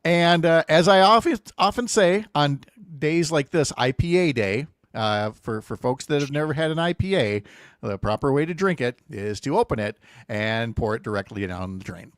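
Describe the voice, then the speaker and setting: A middle-aged man hosting morning radio, his pitch lively and bouncing as he jokes wryly through the chat. His studio voice is dry and close. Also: moderate pace, no echo. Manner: wry, joking, lively. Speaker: radio morning show host. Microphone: studio microphone.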